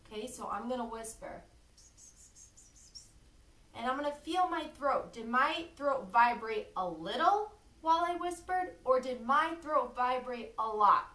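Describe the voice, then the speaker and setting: A woman teacher reading a lesson to young children, slow and clearly enunciated, encouraging them to repeat after her. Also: high-pitched, animated, bright, forceful tone, far from the mic. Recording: echoey room, a bit off-mic.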